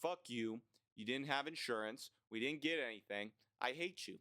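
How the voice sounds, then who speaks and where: A man's voice: medium pitch, moderate pace, bright, forceful tone, no echo. A young man from the United States ranting through a list of dislikes in a blunt, profane, rambling way, with plenty of fillers. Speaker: vlogger.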